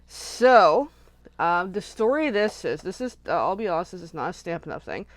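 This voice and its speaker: In a dry recording, a woman with a lowish voice and big pitch swings hosts a casual live crafting stream for her channel. At a moderate pace, she chats and rambles, thinking aloud as she crafts at her desk.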